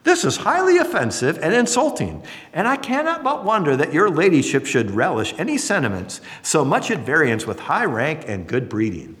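A man's voice: on the high side, wildly swooping pitch, moderate pace, fairly bright tone, big-room sound. A man reading as a haughty offended duchess. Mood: indignant.

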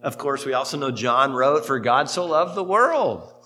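Bright-voiced man preaching a sermon. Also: moderate pace, faint music behind. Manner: animated storytelling with sudden rises in pitch and volume. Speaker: pastor.

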